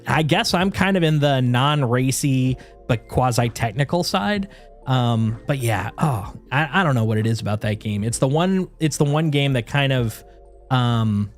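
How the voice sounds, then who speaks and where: A man streaming a game, chatting casually and rambling with lots of fillers and restarts. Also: mid-range voice. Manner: baby-talk to his dog. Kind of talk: casual chat while gaming.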